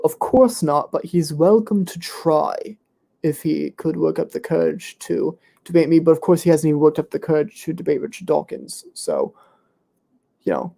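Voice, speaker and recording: A man playing a smug, pompous young internet debater who is hoarse and losing his voice, rattling off fallacy names with complete self-assurance. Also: a little high, warm tone. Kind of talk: comedic live Q&A role-play.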